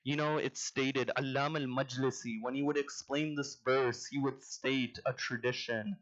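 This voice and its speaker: A man's voice: medium pitch, steady tone, unhurried, fairly bright tone. A man giving a mourning sermon, telling stories and voicing the people he quotes. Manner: storytelling, voicing quoted figures, rising to a tearful lament. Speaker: speaker at a Muharram majlis. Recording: dull lo-fi sound.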